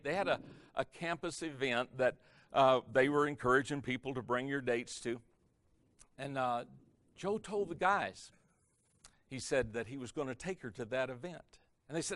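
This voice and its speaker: A man preaching as a pastor, telling a story in a sermon and swinging his loudness from hushed to loud for effect. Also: mid-range voice, normal speed, no room sound. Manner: animated, varies loudness for effect. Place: church or conference hall.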